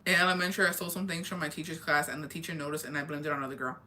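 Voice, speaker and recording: A woman's voice: sits low, little pitch movement, rapid-fire, sharp tone, slight background noise. A young adult woman telling a school story in casual chat, rambling, blunt and full of swearing. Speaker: streamer.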